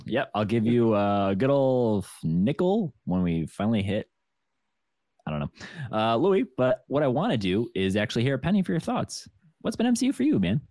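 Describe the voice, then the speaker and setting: A man hosting a podcast in casual chat, upbeat and quick to laugh. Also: medium pitch, no echo, studio quality. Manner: upbeat, laughing, lively presenter. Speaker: podcast host.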